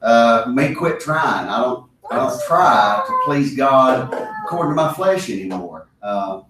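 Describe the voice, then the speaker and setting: A man's voice: mid-range voice, lively intonation, unhurried, background noise. A man leading a Bible study discussion, talking earnestly and with emphasis, often repeating key phrases for stress. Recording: echoey room, mic far off.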